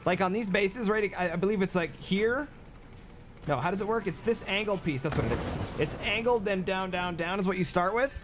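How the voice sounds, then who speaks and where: A man's voice: high-pitched, a little fast, music in the background. A man giving brash, joking game livestream commentary and coaching his viewers. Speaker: game streamer.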